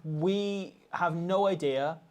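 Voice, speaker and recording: A man's voice: high voice, takes it slowly. A man co-hosting a live reaction stream, chatting casually and rambling a bit as he reads out viewer comments. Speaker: co-host of a rugby channel.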